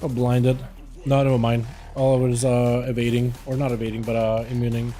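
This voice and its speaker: A young man casually commenting on his own gameplay during a live stream, chatting with his teammates in a relaxed, talkative way. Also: medium pitch, a little fast, faint music behind. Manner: laid-back, chatty, talks to teammates.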